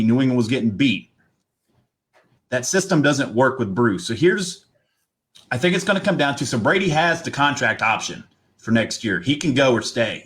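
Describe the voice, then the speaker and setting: A man co-hosting a casual football talk show, opinionated and rambling as he lays out his take. He talks in an animated, loose way. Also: mid-range voice. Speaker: podcast co-host.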